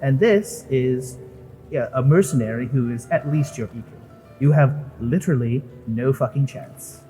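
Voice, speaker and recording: A man's voice: medium pitch, normal speed, dark tone, faint music behind, natural voice, low-quality recording. A man voicing a smug, mocking female villain. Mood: threatening. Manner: taunting, mocking, swears freely.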